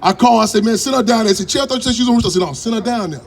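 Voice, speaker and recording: High-voiced, fast-talking, fiery man. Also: vocal fry. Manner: profane, rambling storytelling with call-and-response. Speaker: activist speaker. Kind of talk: fiery political talk to a crowd.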